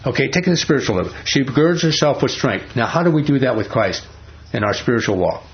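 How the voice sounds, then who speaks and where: A man's voice: mid-range voice, animated, quick pace, dull audio. A man preaching a sermon in a folksy, storytelling way, with frequent restarts and repeated asides.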